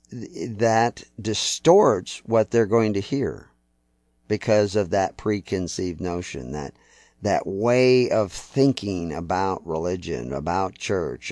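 An older man from Texas speaks in a very low, deep voice and tells stories in a relaxed, folksy way. He rambles and pauses often with fillers. The sound is dry and close, with no room echo. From Texas, United States. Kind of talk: relaxed storytelling talk.

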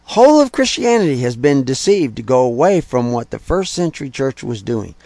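Male preacher, mid-pitched, emphatic teaching sermon with rhetorical questions, dry close recording. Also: sing-song, a little fast, vocal fry, dark tone, dry recording. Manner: emphatic, repeats key phrases; conversational with restarts and rhetorical questions. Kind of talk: sermon-style teaching talk.

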